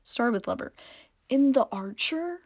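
A young woman tells a story in a chatty, giggly vlog style, leaning on "like" as she goes. Her voice sits a little high and carries a lot of gravelly fry. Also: lively intonation, measured pace. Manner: chatty and giggly, with frequent "like" fillers. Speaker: vlogger. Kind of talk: casual storytime chat.

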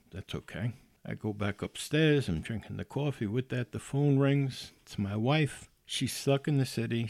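A man's voice: lowish voice, darkish tone, dry recording. A man telling a personal ghost story in a casual way, stumbling into restarts and acting out what others said. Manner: casual, with repeated restarts and acted-out quotes.

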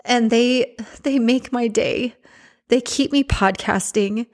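Earnest woman hosting a podcast. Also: slow pace. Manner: earnest and emotional, with lively pitch jumps. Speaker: podcast host. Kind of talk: unscripted solo podcast talk.

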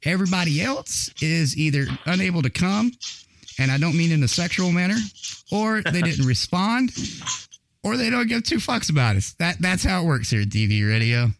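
A man's voice: fairly high pitch, very animated, moderate pace, no room sound. A man hosting a podcast in casual chat, rambling and swearing through his stories. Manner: profane, rambling storyteller. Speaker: podcast host.

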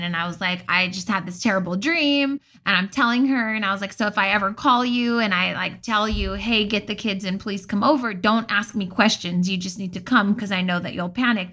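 A middle-aged woman, a mother, telling a family story in casual talk and acting out what people said. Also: mid-range voice. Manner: animated storyteller, acts out quotes. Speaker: mother and podcast co-host.

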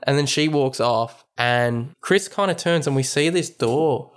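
A man's voice: mid-range voice, measured pace. Foul-mouthed man recapping a movie. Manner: swears freely and acts out quoted lines. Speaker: podcast co-host. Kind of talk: casual movie recap chat.

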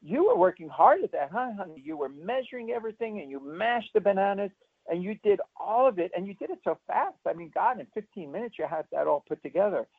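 A man's voice: very animated, fast, vocal fry, husky, dry recording, full character voice. A man doing a gushing, sing-song dad cheering his kid. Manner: high, sing-song and effusive. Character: gushing adult father praising a young child. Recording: muffled phone-line audio.

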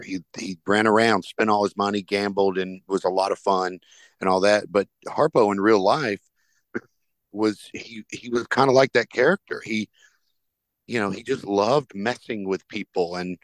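A podcast host with a fairly low voice tells stories in casual chat, animatedly acting out the people he quotes. There's no echo on the recording.

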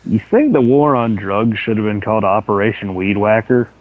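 A man's voice: on the low side, moderate pace. A man co-hosting a casual gaming podcast, telling rambling profane stories, with a sore throat. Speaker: podcast co-host. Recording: tinny phone-like line.

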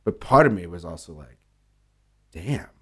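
A man's voice: deep voice, normal speed, slightly rough. Casual swearing man telling bar stories. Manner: animated storyteller, acts out quoted dialogue, swears freely. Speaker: bartender guest. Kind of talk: casual storytelling interview.

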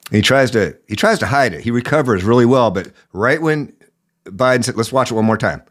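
A man's voice: medium pitch, expressive, fairly quick. A man hosting a political podcast, giving indignant commentary with a sore throat. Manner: indignant, rising emphasis. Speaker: podcast host.

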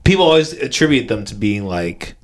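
Low-voiced, lively podcast guy. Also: a little fast. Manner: blunt, profane, emphatic. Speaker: podcast co-host. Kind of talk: casual podcast chat.

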